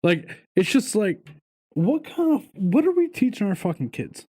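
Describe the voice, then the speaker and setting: A man's voice: sits high, moderate pace. A man co-hosting a podcast, ranting and swearing while telling casual stories. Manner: profane, ranting, animated storytelling. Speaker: podcast co-host.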